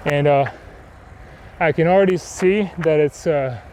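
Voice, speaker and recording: A cycling vlogger chats casually while riding a bike outdoors, with wind and faint traffic in the background. His voice is on the high side and a little mellow, his pace measured, and his talk is rambling and self-deprecating, with many fillers.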